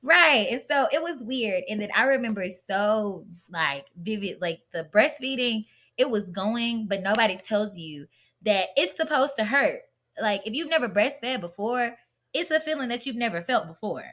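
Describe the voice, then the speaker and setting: A woman telling her own story as a podcast guest, chatty and animated, with lots of fillers and restarts. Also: on the high side, moderate pace. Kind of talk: casual conversational storytelling.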